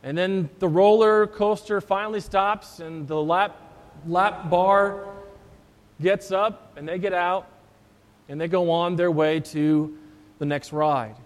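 A man's voice: high-pitched, steady tone, slow, big-room sound. A man, a pastor, preaching a sermon and telling a story in a conversational way. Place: church.

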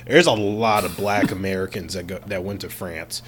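A man's voice: sits low, steady tone, normal speed, noisy background. A man in his twenties co-hosting a podcast in casual chat, crude and joking and laughing often. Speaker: podcast co-host.

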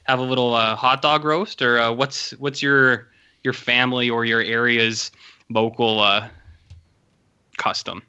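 Canadian man, podcast co-host, bright and sharp tone, joking rambly delivery, slightly muffled recording. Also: mid-range voice, steady tone, unhurried, smooth. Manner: joking, rambling with many fillers. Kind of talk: casual chat.

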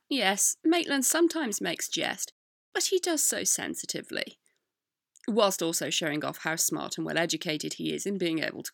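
A woman narrates a history podcast from a script, dropping in wry, sarcastic asides. Her pitch swings freely and often goes gravelly at the ends of phrases. The recording is close and dry. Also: fairly bright tone, dry recording. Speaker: podcast host.

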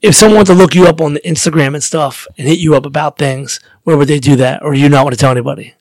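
A man with a fairly high voice hosts a casual chat. He chuckles easily and nudges his guest along with questions. The sound is close and dry. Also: fairly even intonation, fast, a little mellow, no room sound. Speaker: podcast host.

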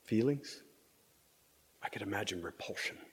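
A man preaching a meditative reflection at a vigil, speaking in a measured, contemplative way and sometimes dropping to a whisper. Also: on the low side, lively intonation, long reverb tail, a little hiss or hum. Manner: measured, contemplative, drops to whispers for inner thoughts. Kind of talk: slow meditative sermon.

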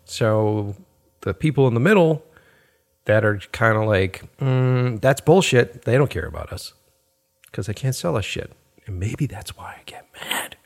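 A man's voice: fairly low pitch, vocal fry. A man in his forties co-hosting a podcast, chatting casually in a profane, sarcastic rant. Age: 40s. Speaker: podcast co-host. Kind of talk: casual chat.

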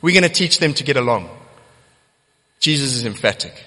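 Guy preaching a sermon, earnest and emphatic, voice a bit high, big echoey church hall. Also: expressive, brisk, fairly bright tone. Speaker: pastor. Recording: long church hall reverb.

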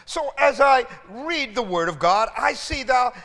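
A man's voice: extremely high pitch, lively intonation, a little slow, vocal fry, sharp tone. A man preaching a sermon as pastor, rousing his congregation with call-and-response and exclamations of praise, often repeating words as he goes. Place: church sanctuary. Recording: church hall reverb.

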